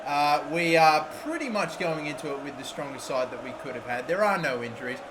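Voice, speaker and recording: High, bright Australian gamer commentating. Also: male voice, slight background noise. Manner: swears often, erupts into shouting at goals. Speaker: gaming YouTuber. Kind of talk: live gameplay commentary.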